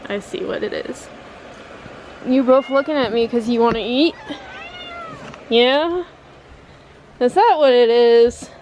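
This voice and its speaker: A woman's voice: fairly high pitch, a little mellow, slight background noise, low-quality recording. A woman vlogging casually at home into her camera, rambling and candid, sometimes cooing to her cats. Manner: rambling, candid, slow and tired. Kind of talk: casual vlog chat. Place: at home, indoors. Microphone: handheld vlogging camera mic.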